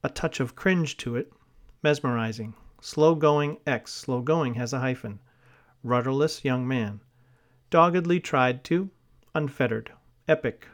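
Man slowly reading out a word list. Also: medium pitch. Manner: measured, spells out words and notes hyphens. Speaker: vocabulary reader. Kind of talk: slow reading of a vocabulary list.

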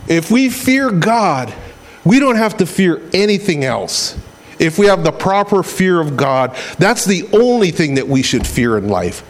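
Preacher, man, middle-aged, from Hawaii; higher voice, chatty, acts out a story with sound effects. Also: sing-song, measured pace. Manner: conversational, repeats words. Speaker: pastor. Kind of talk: casual sermon.

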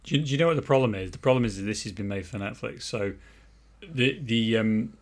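A man's voice: on the low side, a little fast. Male podcast host, loose and rambling, steers the talk. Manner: rambling, many restarts, leads the discussion. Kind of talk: casual chat.

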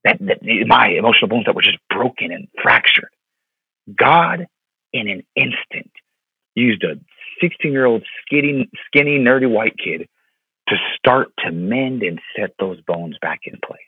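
A man's voice: lowish voice, big pitch swings, measured pace, breathy edge, no echo. A man in his thirties from Florida, a pastor telling a personal story in an interview, earnest and heartfelt, with many fillers and repeated words. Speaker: pastor, podcast guest. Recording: dry, tinny phone-line sound.

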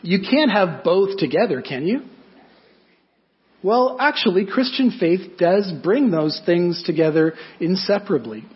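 A man's voice: high voice, lively intonation, measured pace. Man preaching a sermon, dull lo-fi sound. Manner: conversational preaching with rhetorical questions. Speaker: pastor.

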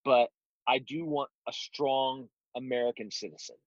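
With a steady tone at normal speed, the guest, a self-defense instructor, speaks bluntly in a mid-range voice, mixing stories with mocking asides in casual interview conversation. The dull lo-fi recording is dry.

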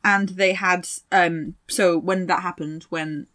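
A woman's voice: lowish voice, fairly even intonation, slow pace, fairly bright tone. A young woman, a podcast co-host telling history in a rambling, sweary, casual chat. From England. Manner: rambling, sweary, laughs a lot.

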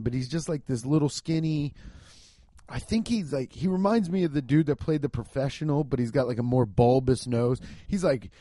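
A man's voice: fairly high pitch, no echo, clean studio sound. A man hosting a podcast, riffing in a comedic rant, swearing often and laughing as he talks. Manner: profane, laughing, animated riffing. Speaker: podcast host.

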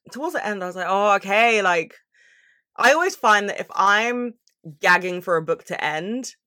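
A woman's voice: on the low side, a bit bright, dry recording, studio quality. A young woman vlogging in a casual, chatty way, swearing freely and gushing about what she loves. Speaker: book vlogger. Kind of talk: casual chat.

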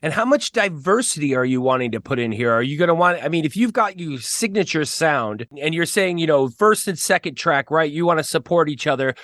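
A man's voice: a little high, animated, a little fast, hardly any pauses, fairly bright tone, dry recording, studio quality. A man hosting a podcast interview, asking long questions and thinking aloud as he goes. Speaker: podcast host.

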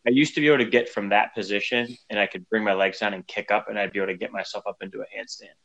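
A man's voice: on the low side, fairly even intonation, racing, vocal fry, fairly bright tone, dull audio. A man co-hosting a podcast, casually chatting about a movie and acting out lines from it. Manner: easygoing, acts out quoted lines. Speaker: podcast co-host.

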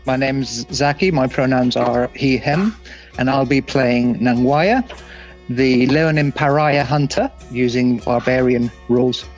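A man playing his character in a tabletop game, speaking haltingly and repeating words. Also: medium pitch, soft background music. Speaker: player. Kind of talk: in-character role-play. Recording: dull lo-fi mic.

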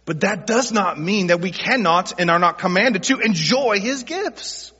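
A man's voice: sits high, moderate pace, pushed and bright, breathy edge. A middle-aged male pastor preaching an earnest, conversational sermon that speaks directly to groups in the congregation. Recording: dull sound with long hall reverb.

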